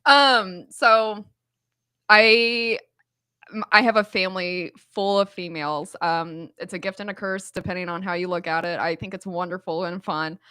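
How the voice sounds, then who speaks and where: A woman's voice: lowish voice, normal speed, smooth, no echo, clean studio sound. A woman guest who works in cybersecurity, chatting casually on a podcast and telling stories with frequent laughter. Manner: lively storyteller, laughs often.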